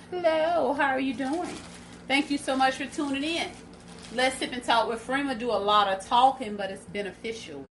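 A woman's voice: a little high, fairly bright tone, slight background noise, poor audio. A woman in her thirties with a Southern American accent, hosting a casual live stream and chatting directly to her viewers.

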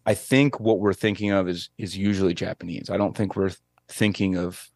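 Low-voiced rambling male podcast host. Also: fairly even intonation, brisk, darkish tone, no echo, clean studio sound. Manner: rambling, hesitant, many fillers. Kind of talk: casual chat.

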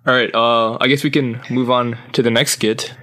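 A man's voice: mid-range voice, flat delivery, moderate pace, pushed and bright. Laid-back podcast co-host, man. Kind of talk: casual chat.

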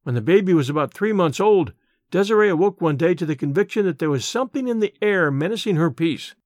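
Expressive male storyteller, dry close voice. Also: sits high, dry recording. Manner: expressive storytelling, slows on imagery. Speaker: audiobook narrator. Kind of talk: scripted literary narration.

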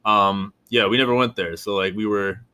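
A man co-hosting a podcast in casual chat, excitable and gushing, laughing often. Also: on the low side, moderate pace, smooth. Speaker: podcast co-host.

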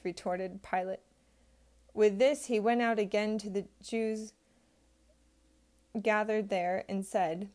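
A woman giving a steady, measured scripted reading of a Bible passage. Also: medium pitch. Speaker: scripture reader.

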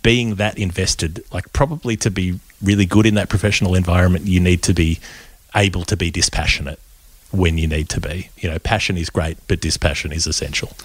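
A man hosting a cricket podcast, talking in a reflective, measured way. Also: low voice, steady tone, breathy edge, dry recording, poor audio. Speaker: podcast host. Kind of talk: conversational podcast chat.

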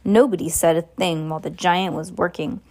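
A woman's voice: lowish voice, moderate pace, darkish tone. A woman reading a novel aloud in an unpolished way, with slips and asides to a listener. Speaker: reader.

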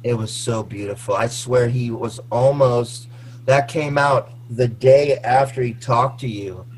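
A man in his forties, slightly tipsy, rambling excitably and swearing through a casual chat. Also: medium pitch, unhurried, a little hiss or hum, low-quality recording. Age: 40s. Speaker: guest on a call.

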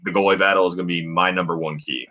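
A man's voice: deep voice, fairly even intonation, fast, muffled recording. A man co-hosting a casual sports podcast, chatting loosely with lots of fillers. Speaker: podcast co-host.

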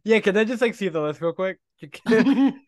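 A man's voice: high voice, lively intonation, normal speed. A man playing a tabletop game, joking in character and sounding a bit sheepish about his own choices. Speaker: player. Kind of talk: casual tabletop game chat.

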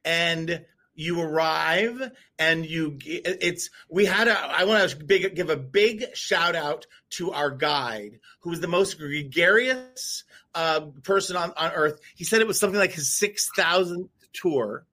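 A man co-hosting a live talk show, telling a long story in a rambling, animated way with many restarts. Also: fairly high pitch, a little slow. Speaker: co-host. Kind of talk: casual storytelling chat. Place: before a live audience.

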